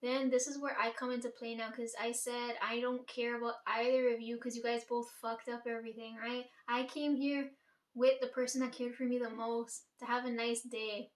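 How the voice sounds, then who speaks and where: A young woman talks casually, swearing freely and tagging "right?" onto her sentences. Her voice sits a little high and stays fairly flat in pitch. She is heard from some distance in an echoey room. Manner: rambling, profane, many "like" and "right?". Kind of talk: casual dream retelling. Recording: echoey room, voice far from mic.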